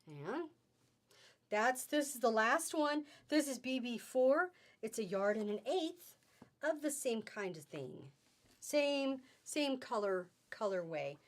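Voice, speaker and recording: A woman's voice: fairly high pitch, lively intonation, slow pace. A middle-aged woman hosting a live fabric sale stream, chatty and gushing, laughing often as she reads out codes.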